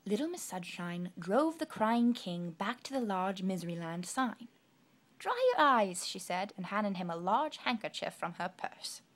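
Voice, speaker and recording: A woman reading a children's story aloud with expressive, playful narration. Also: medium pitch, moderate pace, hardly any pauses. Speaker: audiobook reader.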